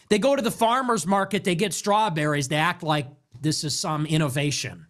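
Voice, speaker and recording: A man's voice: a little high, moderate pace, hardly any pauses, a bit bright. A man hosting a podcast, delivering an exasperated, sarcastic and profane comedic rant. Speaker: podcast host. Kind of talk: comedic ranting monologue.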